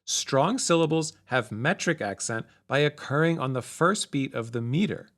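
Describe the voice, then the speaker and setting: A man narrating a music theory lesson, explaining in a clear, measured way. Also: mid-range voice, fairly bright tone.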